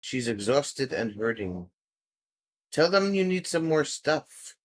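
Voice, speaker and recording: A man's voice: mid-range voice, sing-song, slow, a little hiss or hum. A man hosting a casual livestream, chatting with viewers and teasing them playfully. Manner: playful, teasing, jumps from topic to topic. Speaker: livestream host. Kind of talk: casual live chat, answering viewers.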